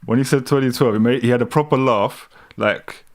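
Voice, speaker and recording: A man's voice: mid-range voice, a little fast. A young British man with a London street accent hosting a live reaction stream, mocking what he watches, laughing often and talking to his chat. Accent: British, London street style. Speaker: livestream host reacting to news.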